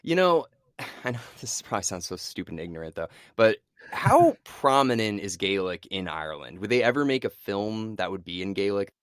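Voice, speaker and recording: A man's voice: fairly low pitch, sing-song, moderate pace, no echo, studio quality. A young man co-hosting a podcast in casual chat, enthusiastic and laughing often. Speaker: podcast co-host.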